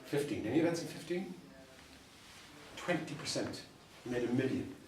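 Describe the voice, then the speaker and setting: An Irish solicitor and mediator giving an anecdotal talk to fellow professionals, telling stories with dry humour and repeated punchlines. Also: male voice, medium pitch, expressive, normal speed. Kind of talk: anecdotal presentation to a professional audience. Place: meeting room. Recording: distant mic in an echoey room.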